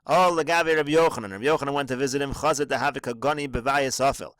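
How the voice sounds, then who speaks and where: A man's voice: mid-range voice, racing, fairly bright tone, no echo, low-quality recording. A man teaching a text as a screencast lesson, reading each phrase in the original and then explaining it in English. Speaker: Talmud teacher. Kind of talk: reading and translating a text line by line.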